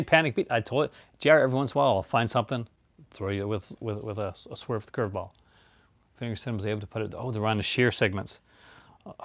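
A man's voice: mid-range voice, no room sound. A man hosting a casual, rambling chat about his movie collection, laughing often.

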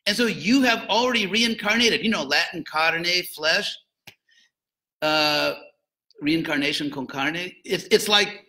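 Heard on a rough recording, an older man with a high voice addresses students as a spiritual teacher. His lecture is casual and conversational, sprinkled with jokes and emphatic, animated moments.

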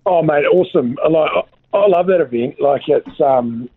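A man's voice: a little high, normal speed, no room sound. A New Zealand man, a former rugby player, chatting casually as a guest in a laid-back, rambling way, full of fillers. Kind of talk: casual chat. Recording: tinny phone line.

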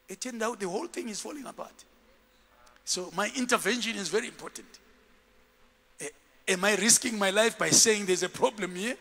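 Bishop guy preaching, high bright voice, lots of repeat-after-me, big echoey church hall. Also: brisk, gravelly, long pauses. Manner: animated, call-and-response preaching with laughs. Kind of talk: sermon. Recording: live church sound with long hall reverb.

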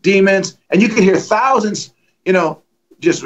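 A man telling lively stories as a guest evangelist on a livestream, acting out the quotes and joking. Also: high voice, normal speed, highs cut off. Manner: animated, acts out quotes, joking. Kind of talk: storytelling in a livestream conversation.

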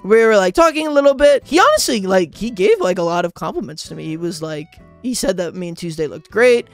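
A young man, a YouTuber, excitedly telling a rambling story in a casual vlog, full of "like" and "bro". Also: high-pitched, quick pace, gravelly, few pauses, soft background music. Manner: animated, rambling, frequent "like" and "bro".

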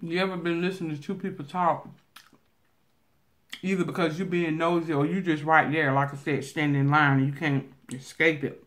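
A woman with a Southern country drawl, telling a story casually as a vlogger while eating on camera, talking loudly and laughing loud. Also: sits low, little pitch movement, normal speed.

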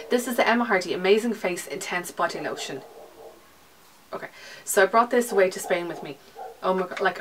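A young Irish woman talks through her favourite products in a loose, rambling way, dropping to breathy whispers for her asides. Her voice sits at an ordinary middle pitch. The mic is a little distant, with a faint hiss behind her. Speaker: beauty vlogger. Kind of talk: casual monthly favourites chat.

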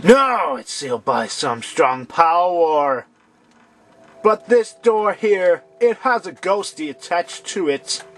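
A man's voice: a little high, slow, faint music behind. A man commentating a horror game, sarcastic and shrieking when startled. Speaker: let's play gamer.

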